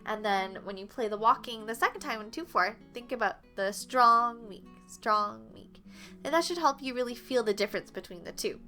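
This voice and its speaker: Bright-voiced woman teaching flute. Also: fairly high pitch, lively intonation, quick pace, few pauses, faint music behind. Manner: patient, explains step by step, counts beats aloud. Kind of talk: online music lesson.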